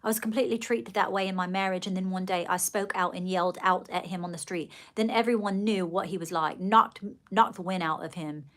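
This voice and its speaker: A woman's voice: fairly low pitch, steady tone, brisk, hardly any pauses, fairly bright tone. A woman from Georgia with a Southern accent, chatting casually and rambling fondly to viewers on a livestream. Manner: chatty, gushing, rambling, calls viewers darling. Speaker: livestream host.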